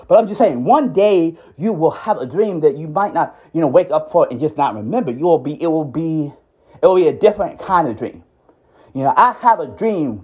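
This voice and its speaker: A man with a high, somewhat mellow voice, once a schoolteacher, unleashes a rambling, agitated rant on a recorded call. "Right?" comes up again and again, along with "dude."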